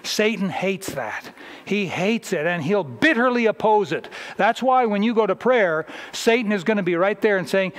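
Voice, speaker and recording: A man's voice: sits high, animated, moderate pace. A man preaching a sermon about giving and illustrating his points with folksy anecdotes.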